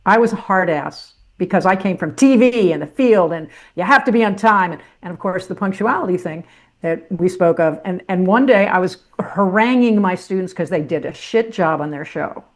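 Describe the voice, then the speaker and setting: Speaking at normal speed in a fairly low voice, a former sportscaster turned teacher, now an older woman, recounts her life as a podcast guest. Her candid storytelling is blunt, salty, and self-deprecating.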